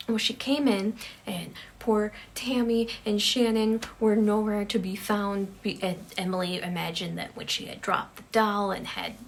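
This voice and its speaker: A woman telling a ghost story in a hushed voice that keeps dropping to a whisper, with a creaky texture. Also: mid-range voice, slight background noise.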